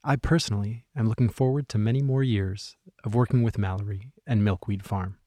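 A male podcast host giving a measured, polished scripted narration. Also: lowish voice, steady tone, mellow, no echo.

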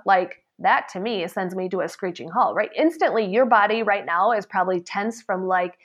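A woman's voice: medium pitch, normal speed, few pauses, lo-fi sound. A woman in the salon trade giving an earnest, chatty motivational talk. She often checks in with "okay?" and "right?" and acts out the remarks she quotes. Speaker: salon professional sharing advice.

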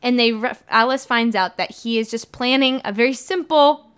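A woman's voice: on the high side, normal speed, a bit bright, clean tone. A young woman co-hosting a casual book chat, with playful, exaggerated reactions. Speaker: podcast co-host.

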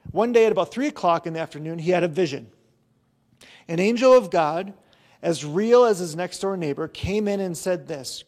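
A man's voice: high-pitched, darkish tone. A middle-aged male pastor giving a conversational sermon, telling a story with chatty personal asides.

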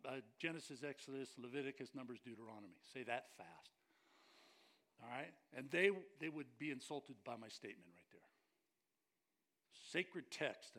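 A man preaching a sermon as pastor, animated and joking with the congregation. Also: on the high side.

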